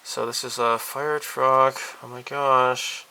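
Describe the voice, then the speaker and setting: Casual hobby vlogger, male, gravelly and unhurried, hesitant rambling delivery, noisy home recording. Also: mid-range voice, level tone, pushed and bright. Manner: rambling, hesitant, many fillers. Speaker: hobby channel host. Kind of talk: casual monthly update vlog. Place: cluttered room at home.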